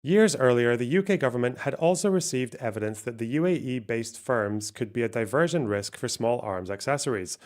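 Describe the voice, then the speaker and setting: A man's voice: medium pitch, lively intonation, a little fast, hardly any pauses, darkish tone. Man reading news on a live stream. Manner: reads articles aloud with dry asides.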